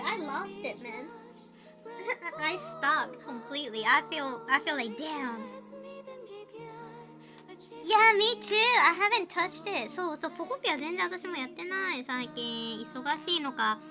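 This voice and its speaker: Very high-pitched, lively bilingual woman. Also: moderate pace, music in the background. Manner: switches between Japanese and English, laughs often while storytelling. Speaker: live-stream artist and host. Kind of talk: casual live-stream chat while drawing.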